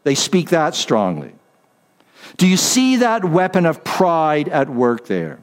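A man's voice: a little high, huge pitch swings, slow pace. A man preaching a sermon as pastor, emphatic, repeating key phrases for weight.

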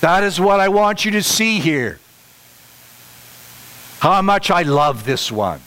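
Man, middle-aged, preacher, sermon, slow delivery, slightly high voice, emphatic, repeats phrases. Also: expressive, a bit bright, rough recording. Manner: emphatic, repeats phrases for stress, rising to higher pitch on key points.

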